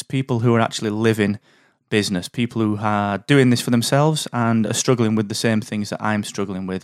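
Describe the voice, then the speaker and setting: A man's voice: mid-range voice, no echo, clean studio sound. A man hosting a business podcast, introducing his guest in an upbeat, chummy way. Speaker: podcast host.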